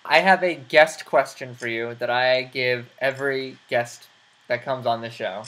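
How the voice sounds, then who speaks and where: A man's voice: mid-range voice, fairly even intonation, measured pace, fairly bright tone. A man hosting an online show, chatting casually with a guest over a voice call. He laughs a lot and drifts into rambling asides. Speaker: host. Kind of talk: casual interview chat. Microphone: computer mic over a voice call.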